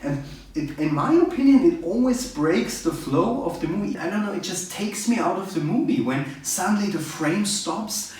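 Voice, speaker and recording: A man's voice: high-pitched, expressive, normal speed, darkish tone. A man reviewing a film in a casual, sarcastic, exasperated rant. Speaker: movie reviewer. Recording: very echoey room, distant mic.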